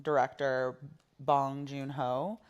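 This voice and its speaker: A woman co-hosting a podcast in casual chat, rambling and relaxed with many fillers. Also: extremely low pitch, slow, smooth. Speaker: podcast co-host.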